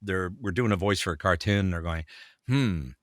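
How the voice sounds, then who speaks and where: A man from Canada, a voice actor guest, telling animated anecdotes in casual chat and acting out the quotes. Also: low-pitched, fairly quick, dry recording, clean studio sound. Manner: animated storyteller, acts out quotes.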